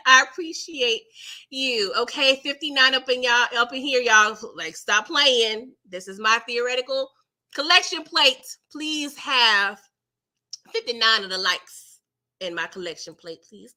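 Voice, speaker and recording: A woman's voice: fairly high pitch, a little slow, pushed and bright. A woman hosting a casual live-stream recap, sassy and slangy, chatting with her viewers.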